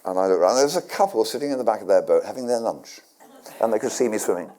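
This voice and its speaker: An older man from England, the guest at a live stage interview, spins long anecdotes full of restarts and dry asides. His voice is fairly low and mellow, and it swings widely in pitch as he tells his stories. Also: lively intonation, racing. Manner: rambling anecdotes with frequent restarts and dry humour. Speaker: guest actor. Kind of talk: storytelling on stage. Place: community centre hall with live audience.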